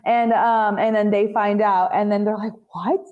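A woman's voice: mid-range voice, level tone, normal speed, muffled recording. A woman co-hosting a podcast, chatting casually, laughing often and filling her talk with "like" and "you know". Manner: giggly, full of "like" and "you know". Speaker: podcast co-host. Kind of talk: casual chat.

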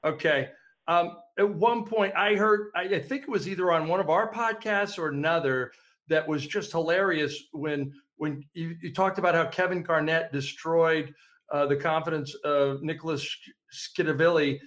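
A man hosting a casual interview, laughing easily and filling pauses with ums. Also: on the high side, a bit bright. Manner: laughs easily, hesitant with fillers. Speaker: podcast host.

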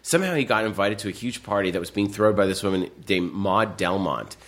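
A man with a fairly low voice telling anecdotes in a relaxed conversation. He rambles from one detail to the next, and his sentences are full of fillers and restarts. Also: a little fast. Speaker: podcast co-host telling stories. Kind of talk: casual chat.

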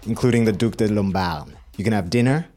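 Low-voiced man telling a travel story. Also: a little fast. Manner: laughs often, relaxed storytelling. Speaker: podcast co-host presenting a travel tale. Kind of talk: casual chat.

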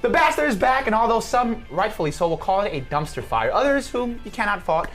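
A woman's voice: medium pitch, very animated, fast talker, soft background music. A woman hosting an entertainment segment with a playful, opinionated recap. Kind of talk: casual chat and scripted recap.

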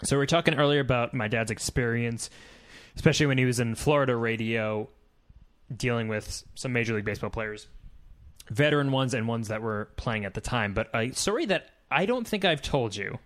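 Relaxed man co-hosting a podcast. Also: medium pitch, brisk. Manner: relaxed, filler-heavy, laughs between lines. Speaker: podcast co-host. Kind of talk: casual storytelling chat.

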